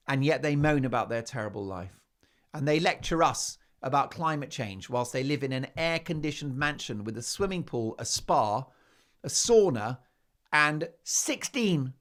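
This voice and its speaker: Animated, sarcastic British talk host. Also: male voice, fairly high pitch. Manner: sarcastic, emphatic, swings between loud and quiet. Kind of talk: opinionated monologue.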